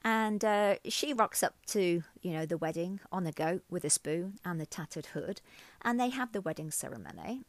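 A woman storyteller telling a folk tale aloud in an expressive way and then reflecting on its meaning. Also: lowish voice, moderate pace, no room sound. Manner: expressive, reflective, uses fillers.

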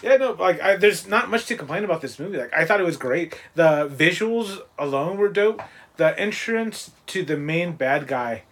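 Excitable swearing man, fairly high voice. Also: normal speed. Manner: excited, swears a lot, acts out scenes. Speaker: podcast co-host. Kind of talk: casual movie chat.

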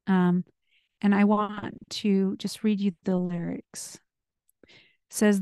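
Woman, podcast host; unhurried, earnest devotional delivery, mellow tone, dry close sound. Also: medium pitch, flat delivery, smooth, no echo. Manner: slow, earnest, reflective with frequent ums.

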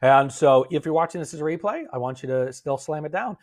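A man hosting a live-streamed gratitude session on a phone, gently coaching viewers and answering their comments. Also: on the high side, animated, a little fast.

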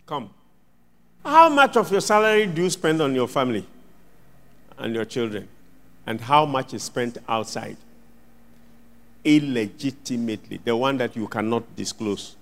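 A man preaching a sermon as pastor, swinging from loud outbursts to hushed asides and acting out little scenes. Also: medium pitch, expressive, moderate pace, pauses often. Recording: long reverb of a large hall.

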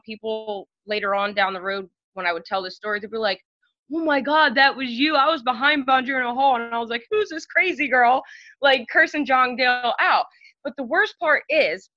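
A woman's voice: medium pitch, no echo, lo-fi sound. Chatty young woman telling a story. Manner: animated, many fillers and asides. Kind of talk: casual storytelling.

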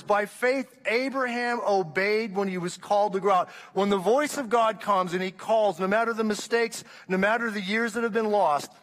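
A man around sixty preaches to his congregation with a notably high, ringing voice. He tells his story with passion, often restarting his sentences. His words roll out into the long echo of a church hall. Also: a bit bright. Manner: impassioned storytelling with frequent restarts. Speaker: pastor. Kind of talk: sermon testimony.

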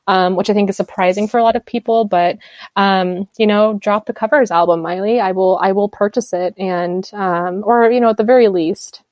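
A woman's voice: medium pitch, steady tone, normal speed, darkish tone, no room sound. A young woman co-hosting a podcast in casual chat, chatty and playful, laughing often. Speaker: podcast co-host.

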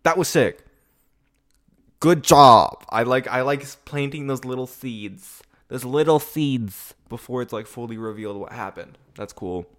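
A man's voice: medium pitch, unhurried, fairly bright tone. A man in his twenties hosting a casual rewatch video, rambling, swearing and laughing often as he talks. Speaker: video podcast host. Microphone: camera setup.

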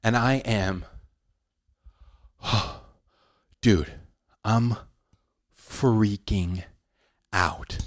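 A man telling a personal story in a casual, animated way, often saying "dude". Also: on the low side, drawn-out words, pauses often. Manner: animated, says "dude" a lot.

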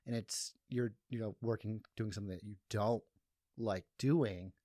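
A man's voice: on the low side, steady tone, moderate pace, warm tone, dry recording, clean studio sound. A young man, a comedian and videographer, guesting on a comedy podcast in easygoing casual chat, laughing often. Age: young adult.

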